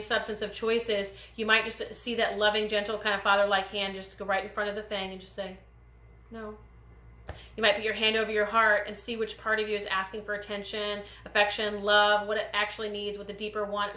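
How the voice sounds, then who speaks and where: A woman giving a gentle, meandering pick-a-card tarot reading, speaking straight to her viewers with many pauses. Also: medium pitch, reverberant. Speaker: tarot reader.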